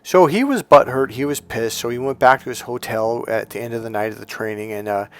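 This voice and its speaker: A man's voice: medium pitch, brisk, smooth. A middle-aged man teaching as a dating coach, blunt and profane, acting out stories as he talks. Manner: blunt, profane, storytelling with acted-out voices. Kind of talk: instructional monologue.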